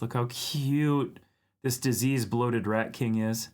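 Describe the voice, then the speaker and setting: A man hosting a livestream, chatting casually and excitedly about viewer drawings, laughing often. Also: medium pitch, takes it slowly. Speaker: livestream art show host.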